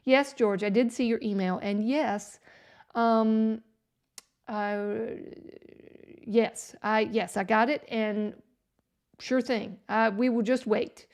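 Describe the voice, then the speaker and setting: A woman's voice: on the high side, steady tone, takes it slowly, pauses often. A woman hosting a casual live stream, sarcastic and exasperated, talking to herself as she works.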